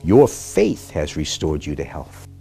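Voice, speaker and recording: A man reading the words of a calm, gentle teacher who heals the sick, measured and soft. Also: rumbling low, creaky, soft background music, voice pushed down, exaggerated voice.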